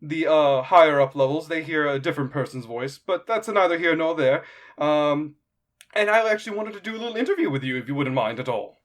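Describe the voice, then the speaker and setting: A man voicing a nosy male arena announcer who interviews fighters, chattering in a fussy, high-strung way. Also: expressive, fairly quick, close to an everyday voice. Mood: eager.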